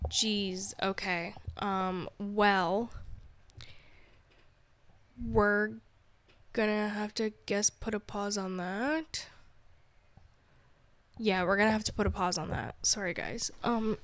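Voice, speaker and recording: A young adult woman speaks slowly in a steady, mid-range voice, pausing often, with no echo. Hosting her podcast solo, she chats candidly and rambles, filling nearly every sentence with "like."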